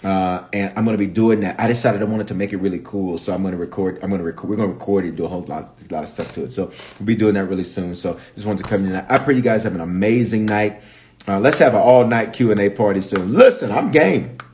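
There's slight background noise as a bishop with a Memphis accent teaches the Bible over a livestream, his voice on the low side and his pace quick. He recounts the story, performing the characters in animated voices.

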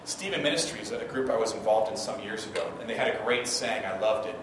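A man gives a conversational sermon from the pulpit and keeps asking his listeners "right?". His voice is picked up from a distance, so it sounds far off. It rings through a very echoey hall over a clear layer of room noise. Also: lowish voice, quick pace. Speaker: pastor.

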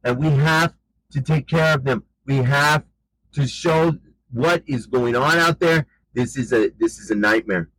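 Husky man preaching emphatically. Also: mid-range voice, measured pace, a bit bright, no echo, poor audio. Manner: emphatic, conversational, repeats "you know". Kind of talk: informal sermon.

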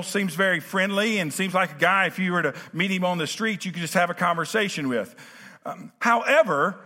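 A pastor preaching a conversational sermon, full of fillers and restarts, that builds to emphatic preaching. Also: male voice, sits high, pushed and bright. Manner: rising to emphatic preaching cadence. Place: church sanctuary. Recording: reverberant church sanctuary.

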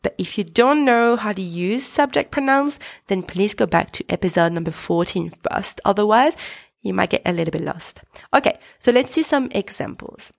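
A French woman with a French accent, hosting a podcast lesson and slowly repeating words for learners to say back. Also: mid-range voice, animated, vocal fry. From France. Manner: slow, patient, repeats words for learners to echo. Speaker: French teacher, podcast host.

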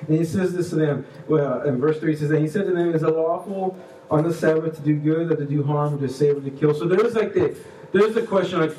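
A man preaching a sermon as pastor, animated, acting out little voices and swinging between hushed and loud. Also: a little high, fairly quick, echoey room, recorded from a distance, slight background noise, rough recording.

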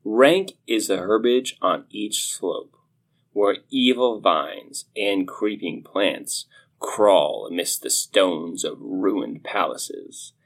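A man co-hosting a podcast, reading a horror story aloud in a measured, deliberate way. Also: sits low, expressive. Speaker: podcast co-host, story reader. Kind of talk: slow dramatic reading of a horror tale.

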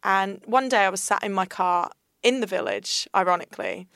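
A young woman tells her own story on a podcast, candid and earnest. Her voice is smooth and resonant but has a gravelly fry underneath. The sound is dry and close. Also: medium pitch, moderate pace, a bit bright, no echo. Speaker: guest. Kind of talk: personal storytelling in a podcast interview.

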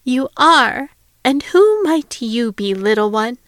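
A kindly middle-aged widower greets his visitors warmly and insists they stay for cookies, as a woman reading the story voices him. The voice sits a little high and sounds close and dry, with no room around it. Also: sing-song, slow pace, dry recording, full character voice. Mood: welcoming. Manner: warm, welcoming, hospitable.

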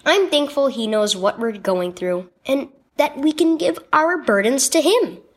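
Brief: a woman reading a tired single mother in a kids' audio story, gentle and encouraging, with a fairly high, lively voice. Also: a little slow.

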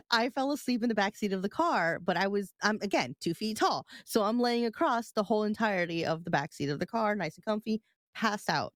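A woman's voice: medium pitch, animated, fairly quick, dry recording, studio quality. A woman co-hosting a casual podcast, telling a personal story at length, full of filler "like"s. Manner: rambling, many filler "like"s. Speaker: podcast co-host. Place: live-streamed podcast studio.

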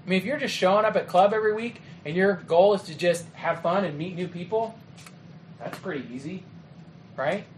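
A man giving a training talk to youth ministry leaders in a conversational way, often checking in with "okay?" and "right?" and acting out quick exchanges. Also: sits high, a little hiss or hum. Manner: acts out quick quoted exchanges. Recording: echoey room with faint ambience.

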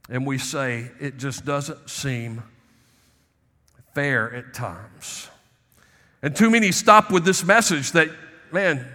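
A man preaches a sermon in a church sanctuary, his voice high and bright. He drops to quiet asides, then presses key phrases with force. A long reverb trails each line. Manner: preaching, swings between soft asides and emphatic rises. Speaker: pastor.

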